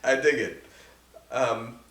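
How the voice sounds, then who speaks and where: A man's voice: mid-range voice, fairly even intonation, slow pace, fairly bright tone. Chatty man in an echoey room. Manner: chatty, enthusiastic, heavy "like" filler. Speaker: podcast host. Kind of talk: casual film commentary. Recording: roomy echo, distant mic, faint hiss.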